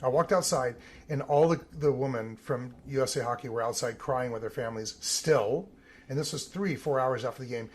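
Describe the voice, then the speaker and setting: A man, an Olympic team photographer, telling lively stories in a podcast interview and acting out the voices of the people he quotes. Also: medium pitch, moderate pace, slightly rough. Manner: animated storyteller, acts out quoted voices.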